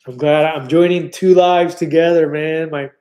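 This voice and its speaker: A man in his fifties chats through viewer comments on a casual live stream. His voice sits a little high yet sounds warm and mellow. He is upbeat and talkative, full of fillers and quick restarts. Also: steady tone. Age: 50s.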